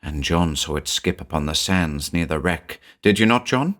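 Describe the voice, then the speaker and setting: An anxious village mother recounts her tale in a hushed, uneasy voice, kept low and soft, as a male narrator puts her on. Her delivery is quiet and wary, in a spoken horror story. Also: expressive, moderate pace.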